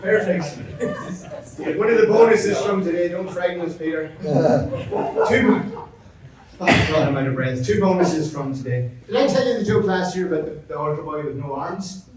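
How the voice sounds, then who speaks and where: A man's voice: fairly high pitch, animated, normal speed, a crowd in the background. A middle-aged Irish man giving an upbeat live seminar talk, joking with the audience and calling people by name. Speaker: resilience consultant presenting a session. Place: large event room. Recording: very roomy, mic at a distance.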